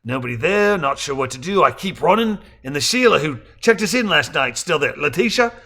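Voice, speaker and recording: A man reading a novel aloud, voicing a rattled, anxious husband in a low, hushed, weary voice. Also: expressive, brisk, heavily acted.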